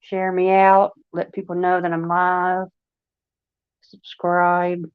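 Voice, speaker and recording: A woman with a Long Island accent chats slowly and rambles through a casual livestream, her voice a little low. The sound is dry and slightly dull, like a lo-fi home recording. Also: completely flat delivery, clear, resonant tone, no room sound. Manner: rambling, chatty, heavy use of fillers. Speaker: livestream host.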